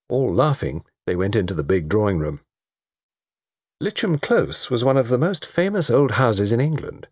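A man narrating a story in an expressive reading. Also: medium pitch, normal speed, breathy edge, no room sound, clean studio sound. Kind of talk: audiobook narration.

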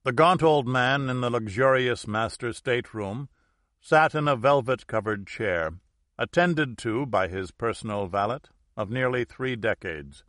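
A man narrating an audiobook in a measured, deliberate storytelling manner. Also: mid-range voice, fairly bright tone, no echo, studio quality.

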